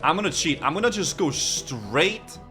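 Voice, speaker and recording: A man commenting on a game as he streams it, joking and stumbling over his words. His voice sits a little high, with faint music under it. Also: sing-song, moderate pace, sharp tone. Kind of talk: gameplay commentary.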